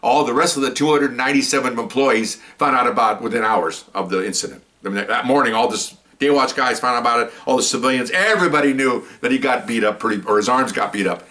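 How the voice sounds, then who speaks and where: A man's voice: mid-range voice, fast talker, hardly any pauses, sharp tone. Guy, ex-police, telling an old work story loose and rambly, a bit far off the mic. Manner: rambling, stumbles and repeats words, acts out quotes. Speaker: former police officer. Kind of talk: casual spoken storytelling.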